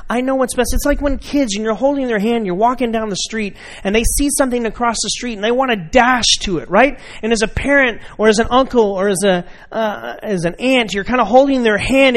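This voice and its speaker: High-voiced pastor preaching to his congregation. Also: normal speed. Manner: conversational, addresses the listener directly, animated parent impressions. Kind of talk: sermon.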